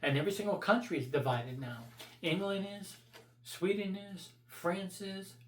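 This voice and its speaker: A man's voice: high-pitched, moderate pace, echoey room, slight background noise. A man vlogging his opinions in a blunt, profane, rambling rant.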